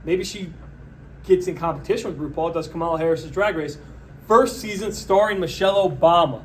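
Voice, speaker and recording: Male host, slightly higher register, deadpan sarcastic monologue, faint hiss behind. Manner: sarcastic, mocking, deadpan pitching. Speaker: podcast host. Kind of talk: solo comedic political rant.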